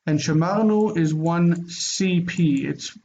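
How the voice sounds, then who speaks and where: A man's voice: fairly high pitch, slow pace, a little mellow. Casual man teaching, muffled audio. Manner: casual, explains step by step with fillers. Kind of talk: online grammar lesson. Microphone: computer mic on video call.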